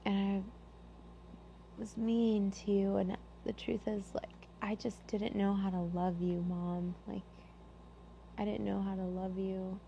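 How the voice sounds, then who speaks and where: A young woman giving an earnest personal share in a support group, talking haltingly with many restarts. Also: flat delivery, gravelly, warm tone. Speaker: group member sharing. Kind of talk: personal sharing. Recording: muffled low-fidelity audio with faint hum.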